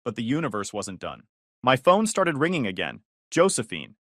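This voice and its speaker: Dry sarcastic guy narrating a family drama story, lively ups and downs, no room echo. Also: mid-range voice, normal speed. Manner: sardonic, deadpan. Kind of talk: first-person scripted narration.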